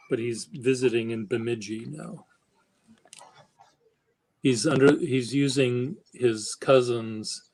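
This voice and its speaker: A man hosting a casual stream chat, speaking slowly and haltingly in a flat, even tone. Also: mid-range voice, low-quality recording. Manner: slow, halting, self-described monotone. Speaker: stream host.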